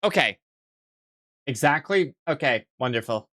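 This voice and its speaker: A man's voice: medium pitch, lively intonation, measured pace, pushed and bright, no echo, studio quality. A man streaming a video game, rambling in casual commentary, swearing freely and poking fun at himself.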